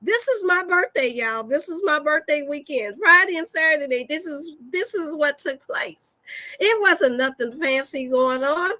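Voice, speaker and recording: A woman, a wellness host telling an animated, folksy story to her listeners and laughing often. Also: sits high. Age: 40s. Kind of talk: storytelling to a live audience.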